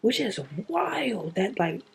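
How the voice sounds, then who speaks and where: A woman's voice: on the high side, very animated, slow pace, breathy edge. A young woman in her twenties talking bluntly and profanely in a casual video diary. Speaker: vlogger.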